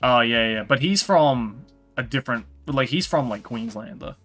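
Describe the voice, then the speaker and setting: A man's voice: medium pitch, lively intonation, moderate pace, a bit bright. An Australian man with a mid-range voice chats loosely on a livestream, piling up "like" and "you know" as he goes. A faint bed of music plays behind him. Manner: rambling, heavy on "like" and "you know". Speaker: streamer. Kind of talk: casual chat.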